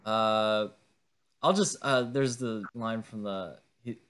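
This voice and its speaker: A man's voice: on the low side, takes it slowly, a bit bright, a little hiss or hum. A man hosting a casual podcast interview, talking like an admiring fan, with hesitant phrasing. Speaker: podcast host.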